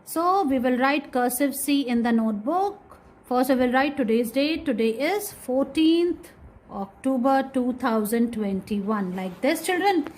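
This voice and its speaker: A woman with a fairly high voice leads a kindergarten lesson. She draws out each letter sound slowly and keeps repeating words. She calls out to the children often, guiding them step by step. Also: lively intonation, darkish tone, rough recording. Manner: slow, drawn-out phonics sounds. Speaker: kindergarten teacher. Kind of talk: classroom lesson.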